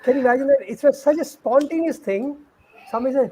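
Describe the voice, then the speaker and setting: Man, lively storyteller, fairly high voice, faint ambient noise. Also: brisk, low-quality recording. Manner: animated storyteller, acts out quoted speech. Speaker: host sharing stories. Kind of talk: conversational storytelling.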